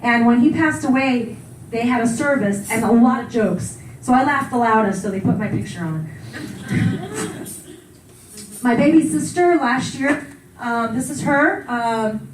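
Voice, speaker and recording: A woman's voice: on the high side, animated, unhurried, long pauses, a little hiss or hum. A woman in her forties giving a conference keynote, telling personal stories in a chatty way, laughing often and acting out the voices she quotes. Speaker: keynote speaker. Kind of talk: conference talk, personal storytelling. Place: conference hall. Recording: echoey hall, heard from far off.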